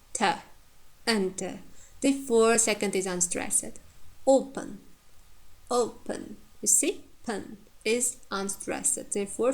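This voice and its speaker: A woman with an Uzbek accent teaches English word stress in an unhurried, deliberate way. She pauses often with "uh" and says example words twice so they sink in. Her pitch sits in the middle of the range. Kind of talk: online lecture.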